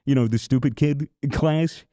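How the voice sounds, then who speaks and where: A man's voice: medium pitch, normal speed, warm tone, no echo, studio quality. A young man hosting a podcast, telling a long story in a rambling, profane, casual way with frequent restarts. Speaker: podcast host.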